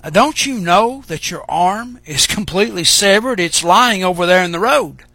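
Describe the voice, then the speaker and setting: A man voicing a calm male paramedic in a sermon joke, speaking matter-of-factly. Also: high-pitched, normal speed, no echo, exaggerated voice.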